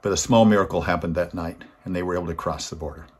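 Speaking quickly with a husky quality and fairly even intonation, this man tells an earnest story as part of a weekly motivational talk, his voice growing louder and higher whenever he hits a key point.

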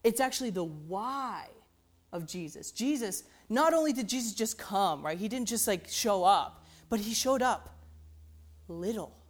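A woman's voice: medium pitch, lively intonation, measured pace. A woman teaching how a hymn's melody works, talking conversationally, often checking in with "right?" and musing "interesting.". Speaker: music teacher.

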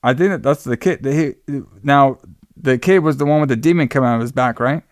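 A man's voice: mid-range voice, fairly quick, no room sound, clean studio sound. A man co-hosting a show, casually recapping a horror movie, swearing often, laughing and acting out the characters' lines. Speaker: podcast co-host.

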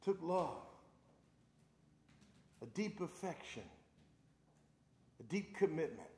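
High voiced preacher guy, 30s, loud then quiet, folksy jokes, echoey hall. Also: expressive, takes it slowly. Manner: emphatic, swings from loud to hushed, folksy humor. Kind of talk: sermon. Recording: roomy echoing hall.

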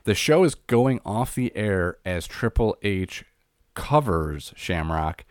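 A man's voice: lowish voice, sing-song, slow pace, no room sound, studio quality. A man co-hosting a podcast, recapping events step by step in a laid-back, casual way. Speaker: podcast co-host recapping wrestling. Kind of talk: casual chat.

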